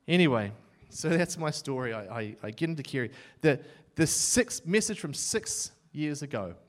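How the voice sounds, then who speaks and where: In a sermon, a young man with a New Zealand accent recounts his own experiences with self-mocking humour. His fairly high voice is very animated and moves at a moderate pace, rising loud and dropping hushed as he thinks aloud.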